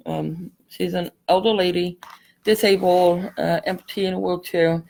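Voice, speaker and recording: A woman's voice: lowish voice, creaky, darkish tone. A woman hosting a live craft tutorial, chatting in a rambling, apologetic way as she works. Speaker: craft channel host.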